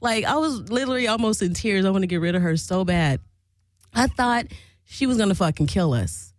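A woman tells a wild personal story in a loose, chatty way, packing it with fillers and swearing. She sounds animated and unfiltered, and her voice is close and dry with no room sound. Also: medium pitch, fairly quick, no echo, low-quality recording. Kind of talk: casual storytelling.

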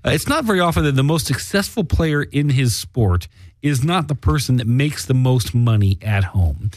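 Male podcast co-host, mid-pitch voice, casual joking banter, dry close mic. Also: expressive, moderate pace, no room sound. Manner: joking, loose, swearing. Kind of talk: casual chat.

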